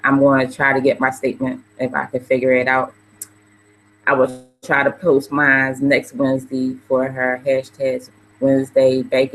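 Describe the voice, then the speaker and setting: A woman's voice: rumbling low, a little hiss or hum, low-quality recording. A woman hosting a video call in a casual, earnest way, with a preachy manner. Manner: earnest and preachy, rising to emotional fervor. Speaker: host. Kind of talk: casual livestream talk. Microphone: computer mic on a video call.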